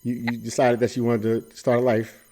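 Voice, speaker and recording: A man hosting an interview show, speaking haltingly and repeating words as he builds toward his questions. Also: medium pitch, completely flat delivery, dark tone. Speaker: podcast host. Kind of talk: casual interview chat. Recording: tinny phone line.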